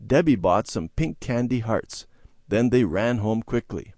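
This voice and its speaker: A man narrating a children's moral story in an expressive, sing-song reading style. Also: on the low side, a little slow, no echo, studio quality. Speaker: story reader.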